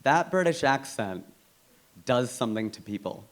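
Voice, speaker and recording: An American man performing a stand-up comedy routine on stage, animated and exclaiming his punchlines. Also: mid-range voice, normal speed. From United States. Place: comedy stage before a live audience.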